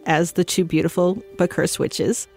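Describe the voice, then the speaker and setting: Heartfelt woman with a low voice. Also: steady tone, a little mellow, soft background music. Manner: heartfelt, reflective, pausing often. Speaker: widow sharing a personal story. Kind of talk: personal storytelling.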